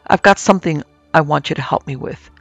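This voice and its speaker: A man voicing an old rural woman said to be half witch, calm, coaxing and folksy. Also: on the high side, fairly quick, gravelly, no room sound, faint music behind.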